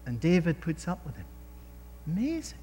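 A man's voice: a little high, wildly swooping pitch, moderate pace, warm tone, big-room sound, soft background music. A man preaching a sermon in an emphatic way, often asking his listeners rhetorical questions.

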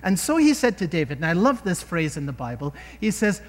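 A man's voice: high-pitched, big pitch swings, brisk, hardly any pauses, in a large hall, faint music behind. A man preaching a sermon in an emphatic way, often asking his listeners rhetorical questions.

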